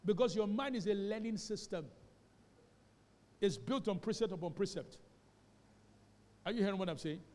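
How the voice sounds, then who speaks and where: A man's voice: high-pitched, moderate pace, pauses often, darkish tone. A man preaching a sermon, emphatic and calling on the congregation to repeat after him. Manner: emphatic, calls for congregation responses. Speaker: pastor. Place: church hall. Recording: reverberant church hall.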